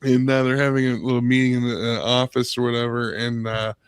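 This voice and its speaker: A man's voice: medium pitch, level tone, a little fast, clean tone, no echo. A man in casual podcast chat, eagerly retelling a comedy sketch and laughing.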